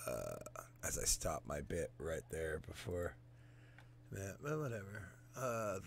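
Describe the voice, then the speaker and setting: A man's voice: low voice, big pitch swings, slow pace, gravelly, a little hiss or hum. A man hosting a casual podcast, talking crudely and offhand while he plays back old footage. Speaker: podcast host. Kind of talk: casual chat over old video footage.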